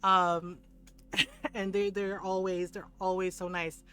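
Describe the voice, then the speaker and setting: A woman's voice: mid-range voice, flat delivery, slow, bright, forceful tone. A woman streamer chatting casually while she plays, rambling and earnest, with laughs between phrases. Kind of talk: casual chat while gaming.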